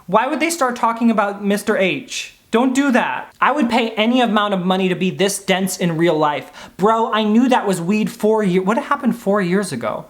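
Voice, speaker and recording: A man losing his voice, hoarse and squeaky, in a sarcastic, rambling comedic vlog monologue. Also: moderate pace, few pauses. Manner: sarcastic, rambling, self-mocking. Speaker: comedy vlogger.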